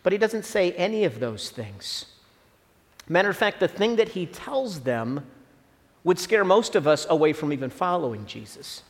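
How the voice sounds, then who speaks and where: Animated high-voiced male pastor preaching. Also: moderate pace. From Southern Illinois. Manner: conversational, animated preaching with asides to the congregation. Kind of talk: sermon. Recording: long reverb of a hall.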